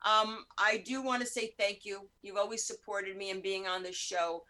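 A woman hosting an online chat show over a video call, effusive and animated, with frequent swearing. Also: medium pitch, moderate pace. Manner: gushing, animated and profane. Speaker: host. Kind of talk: casual chat.

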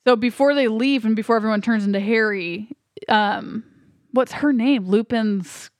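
A woman's voice: on the high side, normal speed, no echo, studio quality. A woman co-hosting a podcast, chatting casually about a movie with many restarts and fillers. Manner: rambling, hesitant with many restarts. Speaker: podcast co-host.

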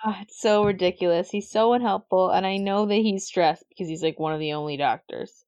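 A young woman chatting casually as co-host, animated and laughing with quick asides. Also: mid-range voice, no room sound. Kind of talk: casual chat. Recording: dry, slightly dull sound.

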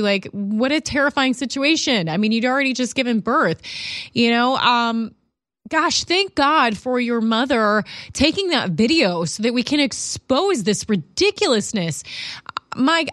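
A woman's voice: on the high side, animated, measured pace, a bit bright, no echo, clean studio sound. A woman guest-hosting a talk show, chatty and indignant, speaking emphatically. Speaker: guest host.

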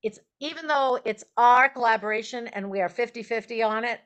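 A woman songwriter and performer, a guest on an interview show, telling stories in a chatty, animated way and laughing as she goes. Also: a little high, a little fast, clear, resonant tone. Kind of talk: casual interview storytelling.

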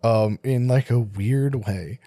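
A man's voice: medium pitch, slow, dark tone, no room sound, studio quality. Joking man co-hosting a podcast. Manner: joking, laughs often, swears. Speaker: podcast co-host. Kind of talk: casual movie recap chat.

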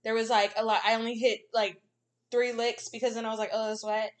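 High-voiced young woman telling a story. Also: brisk. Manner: animated, laughing often, acts out quotes. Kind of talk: casual storytelling chat.

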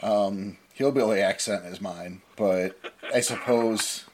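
A man co-hosting a casual podcast, playful and quick to agree with the others. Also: lowish voice, a little mellow, slight background noise.

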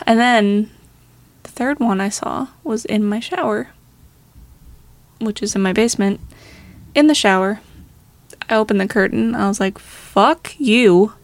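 A woman's voice: mid-range voice, fairly even intonation, measured pace, long pauses, dry recording. A young woman co-hosting a podcast, telling a story in casual chat. She rambles, swears a lot and laughs between phrases. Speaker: podcast co-host.

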